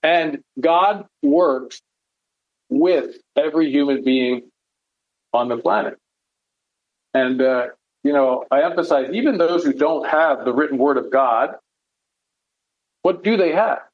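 A man's voice: fairly high pitch, takes it slowly, pauses often, narrow, tinny audio. A man preaching a conversational sermon, earnest, often asking rhetorical questions and checking in with "right?". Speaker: pastor teaching a Bible study.

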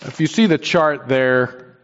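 A man's voice: on the high side, slow pace, a bit bright. Man, Bible study teacher, conversational, self-correcting, quizzes the class, long hall reverb, muffled lo-fi sound. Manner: thinks aloud with frequent restarts, asks the class questions. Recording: dull lo-fi recording in a reverberant hall.

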